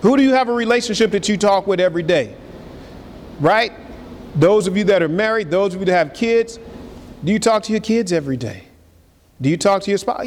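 A man preaching a sermon, firing rhetorical questions at the congregation and swinging between loud high emphasis and low quiet asides. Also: very animated, moderate pace, long pauses. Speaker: pastor. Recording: long reverb of a large hall.

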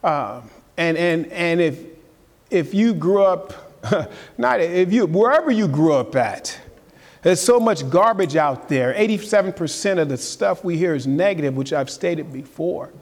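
A man preaches from the pulpit in a voice pitched a little high, talking earnestly and building toward emphatic peaks. His words ring out with a long reverb, as if filling a large church sanctuary. The delivery is a live sermon to a gathered and online congregation. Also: expressive, measured pace. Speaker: pastor.

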